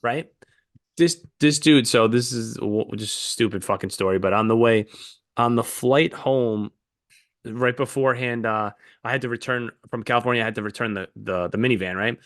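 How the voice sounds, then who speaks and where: A man co-hosting a podcast, telling a profane, animated story in casual chat and acting out the people in it. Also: medium pitch, normal speed. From New York. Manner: animated, profane, acts out voices in anecdotes. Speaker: podcast co-host.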